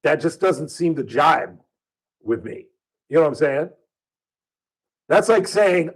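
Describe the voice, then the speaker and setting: A man's voice: on the high side, expressive, takes it slowly, pauses often, husky, poor audio. A male talk radio host speaking from a studio, delivering a combative opinion monologue full of rhetorical questions. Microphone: studio microphone.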